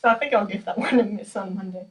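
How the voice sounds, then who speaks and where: A woman's voice: mid-range voice, fast. Young woman talking from across the room. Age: young adult. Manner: chatty and self-deprecating, with many fillers. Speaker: percussion student. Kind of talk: casual practice demonstration. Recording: distant mic with drumming behind.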